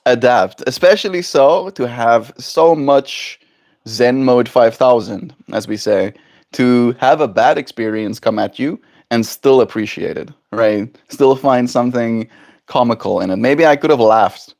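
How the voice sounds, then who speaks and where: A man's voice: mid-range voice, unhurried, a little mellow. A young man livestreaming, chatting casually and reflectively with his viewers. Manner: rambling, reflective, talks to chat. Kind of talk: casual daily stream chat.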